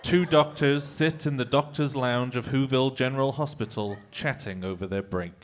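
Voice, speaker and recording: A man's voice: medium pitch, moderate pace. A man narrating stage directions at a live comedy reading in a mock-earnest way.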